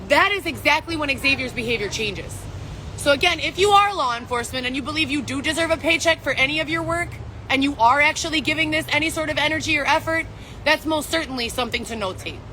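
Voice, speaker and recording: A pregnant woman rants straight into her camera outdoors, her high voice sharp and bright, with faint traffic behind her. She swears hard and fires off one rhetorical question after another. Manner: angry, profane, ranting, rhetorical questions. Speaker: vlogger. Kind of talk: emotional street vlog rant.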